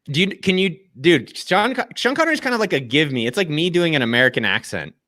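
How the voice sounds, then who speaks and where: A man's voice: a little high, very animated, quick pace, pushed and bright. A man in his thirties hosting a casual online chat, upbeat and slangy. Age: 30s. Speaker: host. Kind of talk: casual video-call chat.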